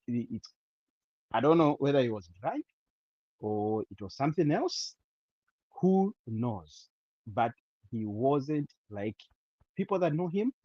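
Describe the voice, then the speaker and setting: A Zambian man on a podcast panel, talking casually over a remote call, halting with many fillers and restarts. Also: mid-range voice, mellow, no room sound. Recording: dull lo-fi call audio.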